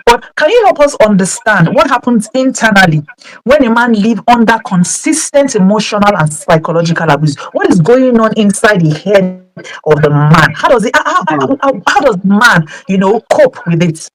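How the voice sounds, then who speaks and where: A woman hosting a talk show, setting up questions in a thoughtful, halting way. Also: medium pitch, expressive, low-quality recording. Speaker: host.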